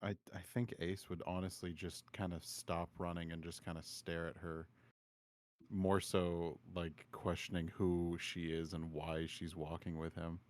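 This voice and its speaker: A man's voice: sits low, little pitch movement, a little slow, darkish tone. A man playing in a tabletop game, describing his character's actions in the third person. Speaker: player. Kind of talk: casual tabletop play.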